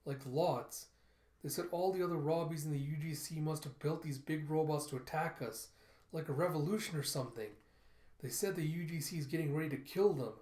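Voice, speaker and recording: Brief: earnest orphan boy, stubborn, read by a man, fairly high voice, echoey room. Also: brisk, darkish tone, natural voice. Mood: determined. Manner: read-aloud comic dialogue, little voice change. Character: earnest orphan boy, later determined teen. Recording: roomy echo.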